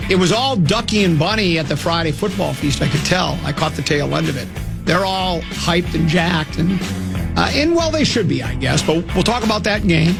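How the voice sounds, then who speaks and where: A man's voice: fairly high pitch, animated, normal speed, vocal fry, music in the background. A man hosting a sports talk radio show, telling a long rambling story in a casual, self-mocking way. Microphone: studio microphone.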